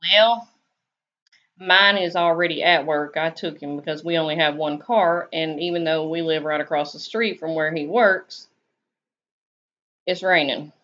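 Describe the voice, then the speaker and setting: A woman's voice: sits low, measured pace, fairly bright tone. A woman with a Southern US accent, chatting casually on her live stream and answering viewers' comments in a laid-back, drawling way. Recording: dull lo-fi stream audio.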